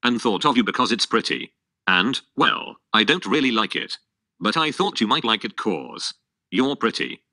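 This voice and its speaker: A man's voice: medium pitch, moderate pace, no echo, clean studio sound. A male computer voice reading a shy ogre. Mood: nervous. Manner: flat synthetic reading, no acting. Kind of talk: text-to-speech script reading.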